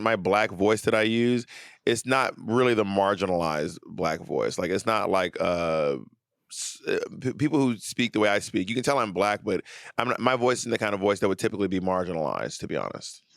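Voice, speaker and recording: Lively, teasing male co-host, emphatic, repeats points, recorded dry and close. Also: fairly low pitch, vocal fry, no echo. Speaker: podcast co-host. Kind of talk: casual chat.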